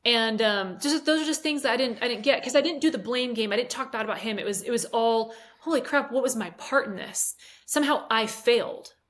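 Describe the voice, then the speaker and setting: With a fairly high, fairly bright voice, a fitness coach in her forties speaks a little fast and with few pauses. She's being interviewed and opens up emotionally about a personal story, hesitating at times.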